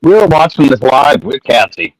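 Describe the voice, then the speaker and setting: A man's voice: mid-range voice, very animated, normal speed, no room sound, poor audio. Laid-back man, dry close sound. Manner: laid-back, swears casually, retells stories. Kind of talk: casual live chat.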